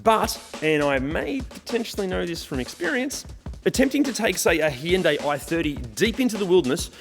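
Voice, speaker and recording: An Australian man hosting a car video, talking to camera in a lively, chatty way with wry humour. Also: high voice, moderate pace, vocal fry. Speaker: car channel host. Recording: roomy reverb with music behind.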